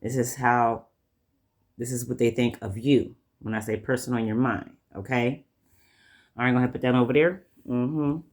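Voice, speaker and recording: Southern man, tarot reader, casual rambling delivery, mid-range voice, drawls out the card messages slowly. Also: mid-range voice, fairly even intonation. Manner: rambling, repeats "like I said" and "you know". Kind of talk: casual tarot reading to camera.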